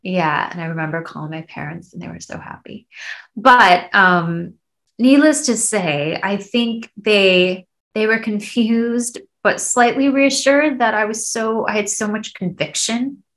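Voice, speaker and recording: A woman's voice: medium pitch, measured pace, a bit bright. A woman in her thirties, an actress and guest, telling her story candidly in a podcast interview, tearful at times.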